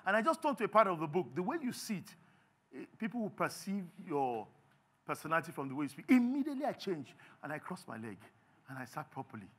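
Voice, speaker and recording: Animated Nigerian pastor preaching. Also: male voice, on the high side, fast talker, breathy edge. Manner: animated, acts out little scenes in others' voices. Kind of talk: sermon. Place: church.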